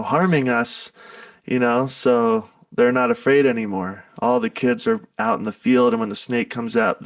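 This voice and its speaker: A musician reflects and tells a story in a loose, rambling way. His voice is gravelly and sits at a middle pitch. He is set back from the microphone, with a dry sound. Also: dry recording, far from the mic. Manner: relaxed, rambling, laughs often. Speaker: musician guest. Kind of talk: casual spoken reflection and storytelling.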